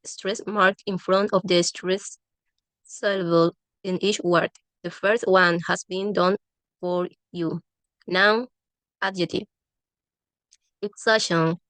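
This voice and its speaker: A woman reads a medical English textbook aloud at a slow, careful pace, stumbling and restarting words as she goes. Her voice is smooth and clear. It sounds dry and close. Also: mid-range voice, fairly even intonation, fairly bright tone, dry recording. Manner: halting, frequent restarts on words. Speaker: student reading a textbook aloud.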